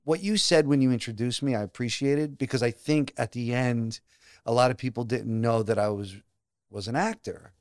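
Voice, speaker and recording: A man's voice: mid-range voice, normal speed, no room sound, studio quality. A man, an actor guest on a talk show, telling stories casually and acting out what people said to him. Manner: animated storyteller who acts out other people's lines. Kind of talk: casual storytelling interview.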